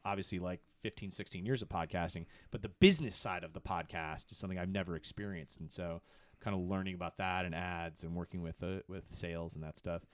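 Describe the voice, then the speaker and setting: Middle-aged man, low baseline voice, dry close sound, excitable storyteller for a casual podcast chat. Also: quick pace, no room sound. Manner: excitable storyteller, swings to high animated peaks. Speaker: podcast producer.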